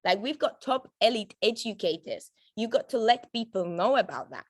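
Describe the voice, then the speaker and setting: This woman's voice sits on the high side, with lively intonation, a moderate pace, and no echo. She leads a casual, upbeat training talk for her network marketing team, laughing a lot and restarting and using fillers frequently.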